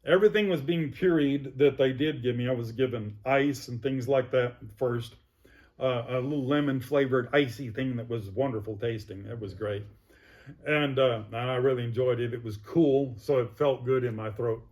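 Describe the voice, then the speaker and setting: A man at a middle pitch recounts his own story as an interview guest. He talks in a plainspoken, vivid way and walks the listener through each step. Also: normal speed, darkish tone. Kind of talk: personal recovery story.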